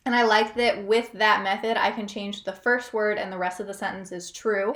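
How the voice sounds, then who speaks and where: A woman's voice: medium pitch, fairly bright tone, roomy sound. A young woman, a freelance writer, explaining her work tips in a chatty, upbeat vlog with self-aware asides. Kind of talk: casual tutorial vlog.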